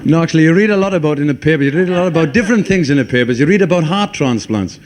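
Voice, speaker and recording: A man telling a stand-up joke in a relaxed, conversational way. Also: on the high side, very fast. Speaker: stand-up comedian.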